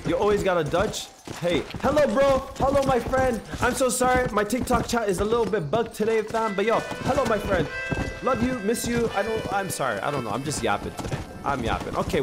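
Excitable young streamer, high and lively. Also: male voice. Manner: rambling and excitable, heavy slang. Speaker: gaming streamer. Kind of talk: casual live-stream commentary. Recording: noisy stream with game sounds.

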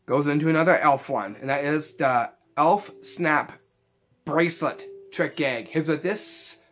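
A man's voice: on the high side, measured pace, a bit bright. A man hosting a casual magic tutorial, rambling along and often repeating phrases. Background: faint Christmas music.

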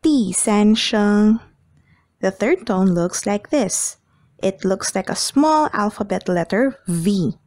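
Slow, careful woman teaching tones. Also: medium pitch, lively intonation, a little mellow, no room sound. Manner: slow and deliberate, drawing out tone examples. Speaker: Mandarin teacher. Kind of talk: slow, clear teaching for kids.

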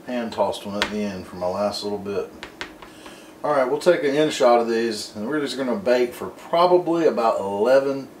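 In a spacious home kitchen, a cooking show host with a mid-range voice leads a laid-back demonstration, chatting in a folksy, meandering style. His mic is far off, and some faint background noise is present.

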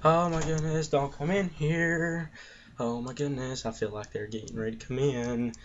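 A man's voice: mid-range voice, steady tone, moderate pace, a little hiss or hum. A teenage boy hosting a casual gameplay chat from his bedroom, playful and sometimes reading game text aloud in a mock-serious voice. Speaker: gaming channel host. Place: bedroom at home. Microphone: computer mic. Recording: dull, lo-fi game capture.

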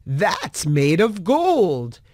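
A woman voicing a poor, kind-hearted farmer who turns greedy, speaking in a lowered, gruff voice. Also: huge pitch swings, drawn-out words, darkish tone, no echo, clean studio sound, exaggerated voice. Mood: amazed.

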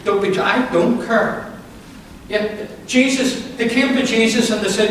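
A male pastor preaching a lively sermon, playful and calling on the congregation to answer back. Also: high-pitched, a little slow. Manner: playful, with call-and-response to the congregation. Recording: very echoey hall, voice from far off.

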